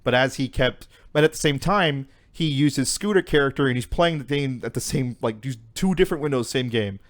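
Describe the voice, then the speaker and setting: A man's voice: medium pitch, fairly quick. A young man co-hosting a podcast, retelling a story in casual chat with lots of swearing and fillers. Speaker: podcast co-host.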